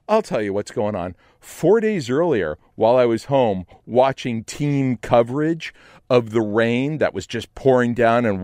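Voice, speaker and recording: A man telling a personal story with dramatic flair, swinging between hushed narration and loud outbursts. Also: medium pitch, no echo, clean studio sound. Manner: animated, shifts between hushed and shouting. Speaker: storyteller guest. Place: Los Angeles.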